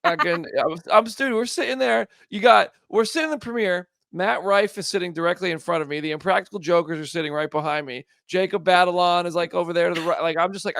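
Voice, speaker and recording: Gravelly guy hosting a movie review podcast, chatty, slightly high voice. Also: fast, hardly any pauses, no room sound, clean studio sound. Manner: chatty and excitable. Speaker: podcast host. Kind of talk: casual film review chat.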